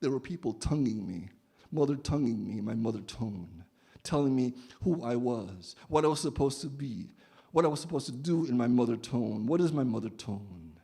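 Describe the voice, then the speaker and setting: A man's voice: mid-range voice, lively intonation, normal speed, gravelly, dark tone, breathy edge. A man performing his own poem with a chanting, repetitive cadence, then talking about poetry. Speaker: poet. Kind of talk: poetry reading and discussion.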